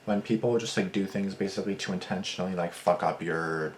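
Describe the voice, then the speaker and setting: A man's voice: deep voice, a little fast, slight background noise. A man hosting a reaction video, rambling casually with lots of swearing and filler words. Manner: rambling, profane, lots of "like" and "bro".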